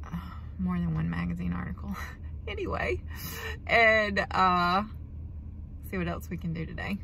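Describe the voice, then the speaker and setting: A woman's voice: fairly low pitch, animated, moderate pace, vocal fry, sharp tone, a little hiss or hum. A woman farm vlogger chatting casually and heartfelt to her viewers. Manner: chatty, heartfelt, says y'all a lot. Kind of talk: casual vlog chat to camera.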